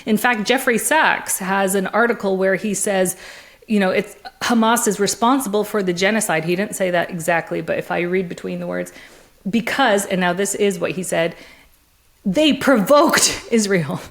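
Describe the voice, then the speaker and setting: A woman guest in a conversational interview, talking in an animated way with frequent laughs and restarts. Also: medium pitch, moderate pace. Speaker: interview guest, discourse analyst.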